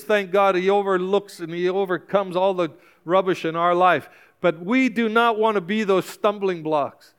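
Man, pastor, high voice, passionate sermon, urgent exhortations. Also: clear, resonant tone.

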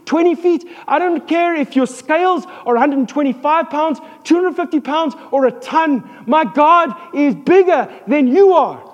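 Fearless young David, a fervent shepherd boy, voiced by a preacher in a sermon, declares his faith boldly. The voice sits very high for a man. Long hall reverb trails each phrase. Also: expressive, normal speed, few pauses, lo-fi sound. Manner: bold, rousing declarations.

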